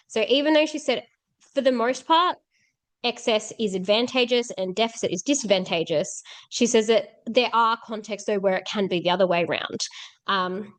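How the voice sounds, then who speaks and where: A woman's voice: mid-range voice, moderate pace. A young woman teaching philosophy, reading passages aloud and then explaining them in a casual way with lots of fillers. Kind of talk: explaining a philosophy text to students.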